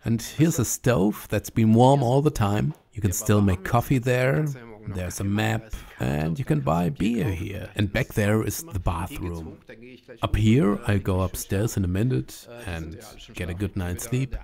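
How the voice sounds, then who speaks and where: A man with a German accent vlogs while walking a pilgrimage trail, chatting to camera in a casual travel-diary style, blunt and often laughing. His voice is lowish, creaky, and darkish in tone, with lively intonation and a slightly slow pace.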